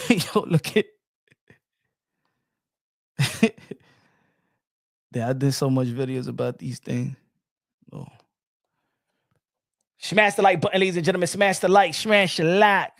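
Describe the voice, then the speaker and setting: Speaking slowly with long pauses and some vocal fry, this man has a high-leaning, fairly bright voice in a dry recording with no room sound. He's a boxing commentator giving animated solo commentary to viewers, emphatic and repetitive, asking the chat things and then answering himself.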